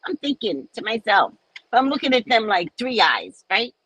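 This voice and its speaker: Woman from california just chatting to the camera, husky voice that swings up and down a lot, dry sound. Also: mid-range voice, normal speed, dry recording, rough recording. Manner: chatty, animated storytelling. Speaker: host. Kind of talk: casual chat.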